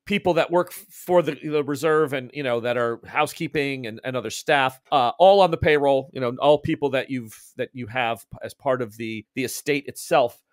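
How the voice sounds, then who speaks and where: A man's voice: mid-range voice, dry recording, studio quality. A man narrating as game master in a tabletop game, rambling with frequent restarts. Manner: rambling, halting, many restarts.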